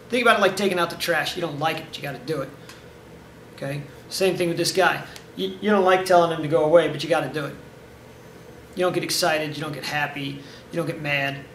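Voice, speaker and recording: A man's voice: on the high side, a bit bright, slight background noise. A man, a karate instructor, giving casual instructional talk in a direct coaching manner, often checking in with "okay?". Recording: echoey room, mic at a distance.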